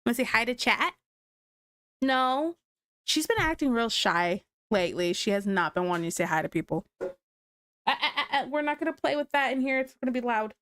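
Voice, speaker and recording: A woman chatting casually to her livestream chat in a relaxed, talkative way while she draws. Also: on the high side, fairly quick, no room sound. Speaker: livestreamer drawing on stream.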